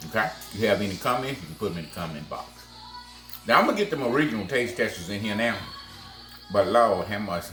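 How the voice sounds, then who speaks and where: A man with a very deep voice hosts a home baking show, with a lively, swooping delivery. He is folksy and exclamatory, calling viewers baby and sweetheart. The sound is echoey, with faint music underneath. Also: quick pace. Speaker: baking channel host. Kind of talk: casual cooking vlog chat.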